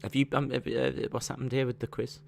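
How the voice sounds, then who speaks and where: A man's voice: mid-range voice, little pitch movement, fairly quick, vocal fry, slight background noise. A man co-hosting a podcast, chatting casually in a playful, teasing way. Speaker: podcast co-host. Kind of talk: casual chat.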